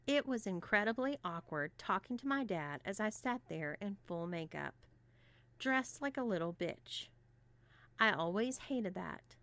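A woman narrating a first-person story in an even, steady reading voice. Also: medium pitch, measured pace.

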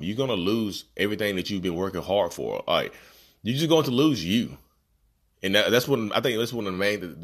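A man with a very low voice hosts a casual podcast from home and gives encouraging self-help advice. He talks earnestly and repeats key phrases. He addresses his listeners directly as "y'all.". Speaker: podcast host. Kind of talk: casual motivational talk. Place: home, about to join a video call.

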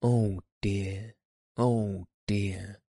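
Sobbing toad in washerwoman disguise, self-pitying storybook figure, a man doing the voice, slow and mellow. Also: lowish voice, steady tone, gravelly, no room sound, clean studio sound, exaggerated voice. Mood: tearful pleading. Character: boastful male toad disguised as washerwoman, wailing.

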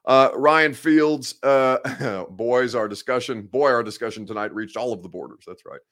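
A man's voice: mid-range voice, normal speed, fairly bright tone. A man in his late twenties hosting a sports talk show from his office, chatting casually and bluntly with viewers. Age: 20s. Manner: blunt, candid, rambling. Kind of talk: casual live show chat, reading viewer comments.

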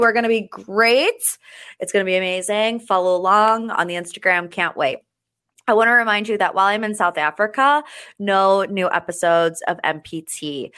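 A woman hosting a pop-culture podcast in a chatty, animated manner, stretching some words out. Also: medium pitch, clear, resonant tone. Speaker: podcast host. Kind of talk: casual pop-culture chat.

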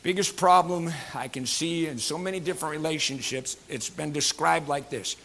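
A man pastor preaching a sermon in a folksy, joking way with many fillers, going from quiet asides to loud emphatic passages. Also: fairly high pitch, moderate pace, creaky.

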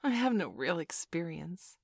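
A woman reading a storybook and voicing Wendy, a prim, motherly little girl who talks in an earnest, gently fussing way. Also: on the low side, very animated, a little slow, vocal fry, no echo, studio quality, heavily acted.

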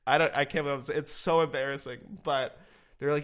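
A man's voice: on the high side, fairly even intonation, a little fast, fairly bright tone. A young man talking as a podcast guest in a casual chat, rambling and self-deprecating, laughing often and filling his sentences with ums and likes.

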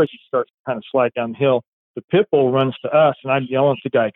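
A police dog handler telling a story in a rambling, casual way, acting out quoted dialogue. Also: male voice, mid-range voice, steady tone, fast, dry recording. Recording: tinny phone-like line, dry.

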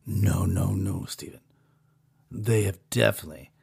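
Guy putting on a sassy overlord in whispered role-play, low husky whisper. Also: big pitch swings, takes it slowly, darkish tone, dry recording, clean studio sound, faint music behind, full character voice.

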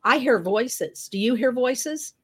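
A woman's voice: on the high side, animated, slow, breathy edge, voice pushed up, full character voice. A woman quoting a rambling young inmate. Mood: anxious. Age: young adult. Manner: talks a mile a minute, repeats herself. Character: troubled nineteen-year-old woman inmate, rambling and anxious.

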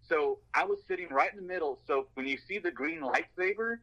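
A man's voice: fairly high pitch, brisk, bright, forceful tone, dull audio. A man sharing fan stories in casual chat, enthusiastic and quoting movie lines.

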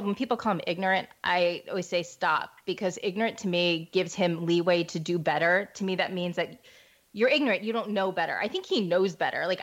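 A woman chatting casually and telling stories expressively, acting out the voices she quotes. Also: lowish voice. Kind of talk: casual chat.

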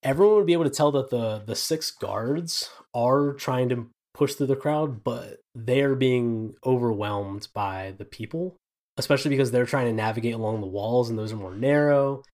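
A man's voice: mid-range voice, normal speed, a little mellow. A man narrating as game master of a tabletop game, in vivid, descriptive storytelling with casual asides.

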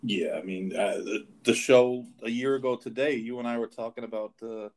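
A man hosting a horse racing talk show, talking casually with many pauses and restarts. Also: medium pitch, darkish tone. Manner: halting, with many fillers and restarts. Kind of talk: casual chat.

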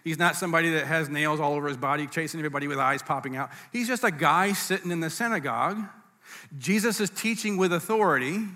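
Pastor, male, conversational sermon delivery, slightly high voice, reverberant room. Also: bright, forceful tone. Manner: conversational teaching, asides and restarts. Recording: reverberant hall.

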